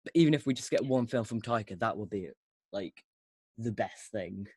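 A man's voice: on the low side, animated, normal speed, darkish tone, slightly rough, no echo. A man hosting a casual podcast chat, talking enthusiastically and restarting often. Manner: enthusiastic, rambling, with frequent restarts. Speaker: podcast host.

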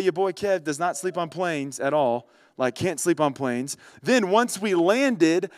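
A man telling a story in a casual, animated way, talking straight to his listeners. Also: high voice, no echo, studio quality. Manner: animated, chatty, addresses listeners directly. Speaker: vlogger.

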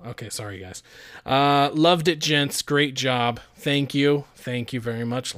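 A man's voice: mid-range voice, unhurried, fairly bright tone, no room sound, clean studio sound. A young man hosting a podcast, chatting casually and crudely joking as he reads out listener messages, often laughing. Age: young adult. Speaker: podcast host. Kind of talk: casual chat.

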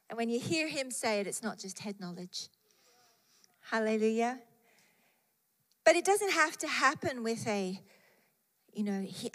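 A woman's voice: high voice, fairly bright tone, long reverb tail. A woman preaching a sermon with emphatic repetition of key phrases and scripture read aloud.

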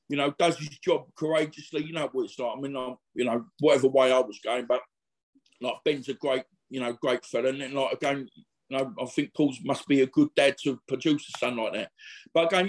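A middle-aged man, a former boxer telling rambling, slangy stories in a casual interview. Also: a little high. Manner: chatty, rambling, laddish slang with frequent fillers.

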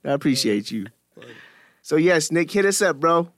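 A man's voice: fairly high pitch, big pitch swings, normal speed, fairly bright tone, dry recording, studio quality. A man co-hosting a podcast in casual chat, slangy and teasing, laughing often. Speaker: podcast co-host.

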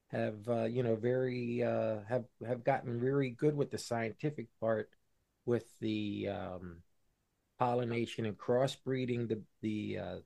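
Male podcast co-host, casual explainer, halting with fillers. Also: medium pitch, gravelly, warm tone. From Buffalo, New York. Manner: explanatory, many fillers and restarts. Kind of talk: casual chat.

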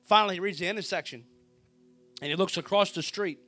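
A man delivers a sermon in fairly high tones. He tells his story with drama, dropping to near whispers and rising to shouts. Faint music plays behind him. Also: fast talker. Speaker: pastor.

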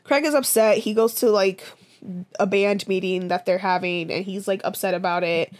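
A woman's voice: medium pitch, normal speed. A young woman co-hosting a podcast, casually recapping a TV episode with lots of fillers and swearing. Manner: animated, swearing, fillers and 'this, that, and the fourth'. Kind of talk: casual chat, recap storytelling.

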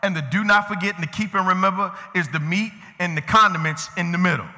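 A male pastor preaching a sermon, moving from easy conversational talk to shouted emphasis and calling out to members of the congregation by name. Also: high-pitched, quick pace. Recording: long reverb of a large hall.

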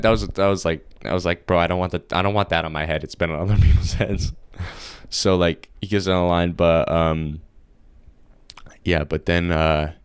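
A man's voice: low-pitched, clean tone, dry recording. A young man hosting a podcast, chatting casually and rambling with lots of slang and fillers. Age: young adult. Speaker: podcast host. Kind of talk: casual solo podcast chat.

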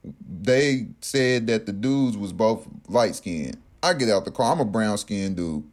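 A man casually telling a personal story in an animated, profane way, acting out what others said. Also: fairly low pitch, a little slow. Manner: animated, profane, acts out quotes.

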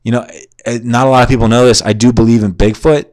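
This podcast host, a man in his twenties, talks fast in a medium-pitched, darkish voice with fairly even intonation. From his shared house, drunk and concussed, he rambles through a crude, profane story full of digressions and self-mockery. Clean studio sound, no room noise.

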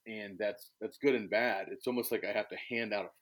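A man's voice: steady tone, fairly quick, low-quality recording. A man talking as a podcast guest in casual conversation, bold and direct, stumbling into restarts as he speaks with emphasis. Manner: jumps to high, loud voices when quoting others.

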